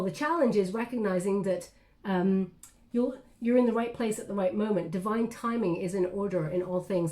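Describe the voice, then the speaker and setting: Warm-toned woman giving a tarot reading. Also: fairly high pitch. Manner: chatty, reflective, many ums and restarts. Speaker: tarot reader. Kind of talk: intuitive tarot reading to camera.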